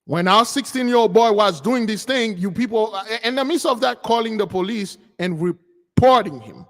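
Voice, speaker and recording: A man's voice: sits high, expressive, normal speed. Emphatic man, echoing reverb. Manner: emphatic, preachy, repeating phrases. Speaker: channel host. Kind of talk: livestream commentary. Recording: long reverb.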